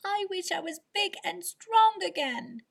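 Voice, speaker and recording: A woman voicing an eager, excited small boy in a storybook, with a breathy tone. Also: very high-pitched, unhurried, pitched above the performer's own voice, heavily acted. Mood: pleading.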